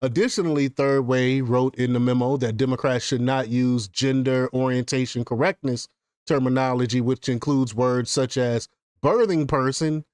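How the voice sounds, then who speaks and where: A man's voice: mid-range voice, steady tone, normal speed, a little mellow, smooth, dry recording. Dry-voiced man reading news with asides. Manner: reads quotes, then breaks into laughing asides; stumbles and repeats words. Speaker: political commentary host.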